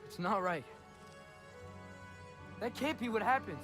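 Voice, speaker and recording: A man's voice: high-pitched, lively intonation, unhurried. An actor playing an anguished young teen boy in a video game, breaking down and pleading. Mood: distraught. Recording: game audio with music under it.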